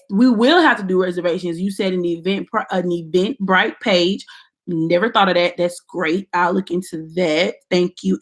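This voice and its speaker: A young woman with a Southern American accent, chatting casually on a livestream, reading comments and talking straight to her viewers in a playful, animated way. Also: medium pitch. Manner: animated, playful, Southern-tinged slang, talks to viewers directly. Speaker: YouTuber doing a livestream. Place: at home at her computer.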